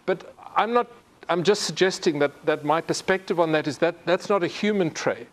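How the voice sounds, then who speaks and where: A middle-aged man from Africa, giving a conversational lecture full of halting restarts. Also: fairly high pitch. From South Africa. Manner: halting, frequent restarts and repeated words. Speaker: university presenter.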